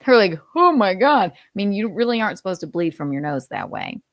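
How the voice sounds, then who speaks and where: A young woman hosts a loose live stream, reading headlines aloud and breaking into giggles and the odd curse. Her voice sits fairly low, and the sound is dry and close with no room around it. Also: expressive, brisk, dry recording. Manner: giggly, profane, chatty. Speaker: host.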